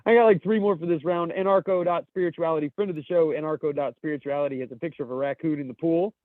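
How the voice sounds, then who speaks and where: A man's voice: fairly high pitch, fast, no room sound. A man co-hosting a podcast, reading memes aloud in casual chat, loose and swearing, laughing at his own jokes. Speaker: podcast co-host. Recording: dry, tinny phone-like audio over a call.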